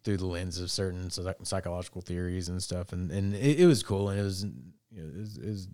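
A man's voice: low voice, brisk, mellow, no echo. A man hosting a podcast, telling a story in casual chat, rambling with lots of restarts and fillers. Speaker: podcast host.

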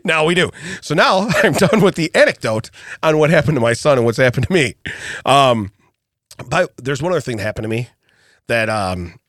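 This middle-aged podcast co-host speaks at normal speed with medium pitch, recorded dry with clean studio sound. In a casual chat he tells a family story as an animated storyteller, laughing often and acting out what people said.

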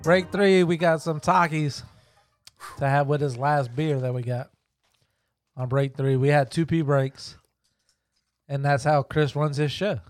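A man's voice: on the high side, measured pace, long pauses, faint music behind. A man hosting a casual podcast in a small home studio, easygoing and prompting his guest with questions. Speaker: podcast host.

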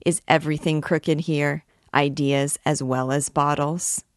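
A woman's voice: low-pitched, fairly even intonation, measured pace, no room sound, clean studio sound. Reckless young student, read by a woman, flippant and mocking. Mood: cheeky. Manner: cheeky, mocking.

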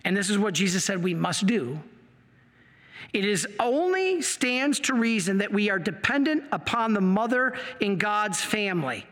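A man's voice: high voice, lively intonation, normal speed, fairly bright tone. A man giving a passionate religious apologetics lecture with slides, getting worked up as he explains. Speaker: Catholic apologetics speaker. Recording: long hall reverb.

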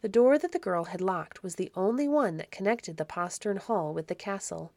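Woman, audiobook narrator, measured storytelling, middle pitch, dry close mic. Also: expressive, a little mellow, no room sound. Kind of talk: scripted narration of a classic children's novel.

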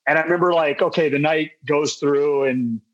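A man's voice: on the high side, steady tone, normal speed, lo-fi sound. A man in his late twenties, co-hosting a podcast, animatedly telling a casual story and acting out his friends' lines. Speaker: podcast co-host.

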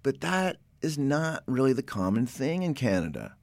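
A man's voice: mid-range voice, big pitch swings, moderate pace, creaky, no room sound. A man from Oklahoma hosting a casual word-history explainer, chatty and digressive, often restarting and correcting himself. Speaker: podcast host.

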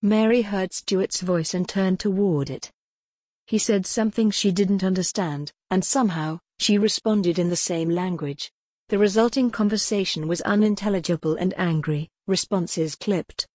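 A woman narrating a gothic novel in an even, steady storytelling voice. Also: mid-range voice, normal speed, no echo, clean studio sound. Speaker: audiobook narrator.

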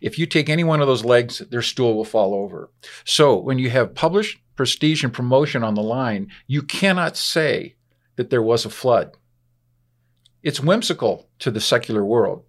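Animated older man telling a story. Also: medium pitch, moderate pace. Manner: animated anecdote-telling, acts out voices. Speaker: guest, biblical archaeologist. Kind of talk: storytelling in a podcast interview.

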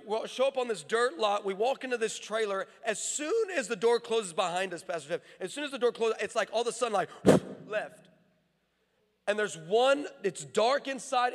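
A man preaching a sermon, telling stories in an animated, playful way that often breaks off and restarts. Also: high voice. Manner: animated, playful storytelling with frequent self-interruptions. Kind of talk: sermon with comic storytelling. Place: large armory hall. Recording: long reverb of a large hall.

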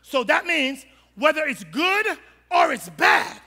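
A male pastor preaching a sermon in an animated, humorous and colloquial way, in a church sanctuary. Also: extremely high pitch, slow, shouting. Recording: long reverb of a large hall.

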